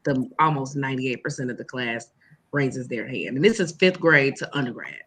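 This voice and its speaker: A woman educator tells stories on a casual podcast. She has a bright, forceful voice and speaks, quoting her students and herself as she goes. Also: extremely low pitch, normal speed, slightly rough. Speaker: educator and guest.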